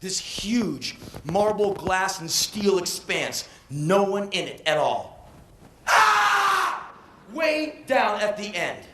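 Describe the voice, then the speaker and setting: A man in his thirties performing a comedic spoken word monologue on stage, breathless and swinging from deadpan to yelling. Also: sits high, takes it slowly, noisy background. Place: live stage. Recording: echoey live venue on old VHS.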